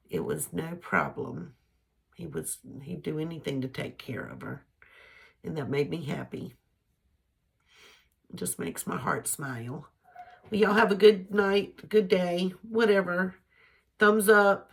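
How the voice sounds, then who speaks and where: Speaking with vocal fry in a fairly low register, a middle-aged woman vlogs casually, giving her followers opinionated relationship advice. Laughter comes easily to her.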